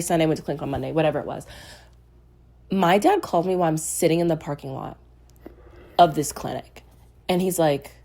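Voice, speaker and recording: A woman in her twenties casually telling a personal story, getting animated and loud as she retells being irritated. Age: 20s. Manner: animated, gets loud and high when retelling anger. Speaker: vlogger.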